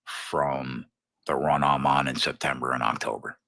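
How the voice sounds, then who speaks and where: A man's voice: a bass voice, fairly even intonation, normal speed, creaky, sharp tone, no room sound. A man in casual betting-show banter, laid-back and self-deprecating. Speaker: sports betting analyst.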